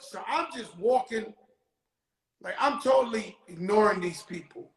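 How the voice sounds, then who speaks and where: A man telling a profane anecdote in an animated way, with bursts of shouting. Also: high voice, unhurried, roomy sound, poor audio. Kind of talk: storytelling anecdote.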